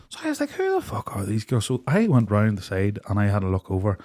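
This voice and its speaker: Speaking a little fast in a fairly low voice with huge pitch swings, the young Irish co-host shares a night-out story in casual chat. He swears freely and acts out quotes between fits of laughter.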